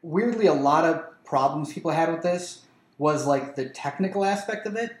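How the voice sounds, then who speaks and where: A man on a casual podcast who talks fast, laughs easily and stumbles over his words. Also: fairly high pitch, lively intonation, reverberant, poor audio. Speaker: podcast co-host.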